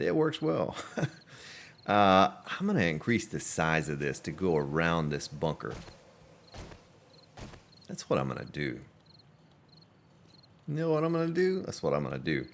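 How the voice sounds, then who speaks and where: A man with a very low voice gives running commentary over a live game stream, talking to his viewers. His pitch swings widely as he chats, calling out names in the chat. The sound is a home streaming microphone. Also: a bit bright. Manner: chatty, greets viewers by name.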